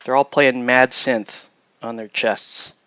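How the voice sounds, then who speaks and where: A man's voice: medium pitch, fairly even intonation, slow, sharp tone, clean tone, highs cut off. A man hosting a casual chat while assembling miniatures, rambling and chuckling as he trails off and restarts. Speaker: host.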